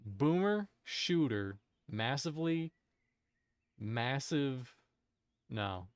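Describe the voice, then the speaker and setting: A man's voice: medium pitch, expressive, drawn-out words, clean tone, dry recording. A man streaming a game, chatting casually to his viewers, musing aloud in a rambling way and often cutting himself off mid-thought. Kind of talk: casual live-stream chat while gaming.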